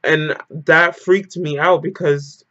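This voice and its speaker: A young man recounts a night out in a casual storytime vlog. His voice sits a little high for a man and runs animated and emotional, filled with "like". The audio sounds somewhat muffled and lo-fi. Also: slow. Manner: animated, emotional retelling full of "like". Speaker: storyteller vlogger.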